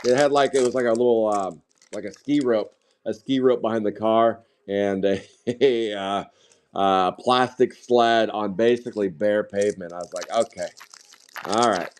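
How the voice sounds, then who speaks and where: A man's voice: fairly low pitch, fairly even intonation, moderate pace, smooth. A man chatting casually while opening trading card packs on a live stream, drifting into rambling side stories. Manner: rambling, sidetracked anecdotes.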